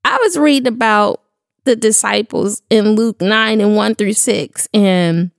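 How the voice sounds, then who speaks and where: A woman's voice: mid-range voice, a little slow, gravelly, dry recording. A woman speaking in a studio, giving a candid, emotional devotional talk to her audience in a casual, slangy way.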